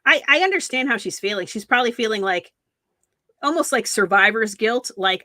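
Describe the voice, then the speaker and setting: A woman's voice: a little high, expressive, brisk, bright, forceful tone, no room sound. Frank woman co-host, dry close sound. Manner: agreeable, frank commentary with short backchannels. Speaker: podcast co-host. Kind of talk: casual recap chat.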